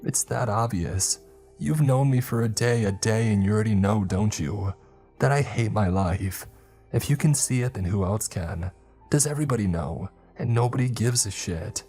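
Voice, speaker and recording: A man's voice: on the low side, takes it slowly, darkish tone, husky, faint music behind, voice pushed up. A man voicing a despairing, tearful schoolgirl. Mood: distraught. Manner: choked, pleading outbursts.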